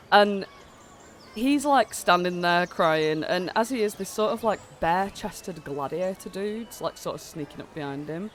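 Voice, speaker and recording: A man with a high-pitched, fairly bright voice speaks at an unhurried pace, with slight background noise. He is game mastering a tabletop game while nursing a cold, rambling and filling his narration with fillers.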